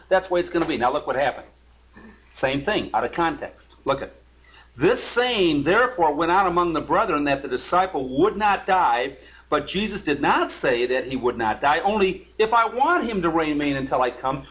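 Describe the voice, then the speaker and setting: A man teaches a Bible study in an animated, emphatic way. His voice swings up and down a lot and sits a bit high for a man. The recording is dull and lo-fi. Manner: animated, emphatic, reads scripture aloud with asides.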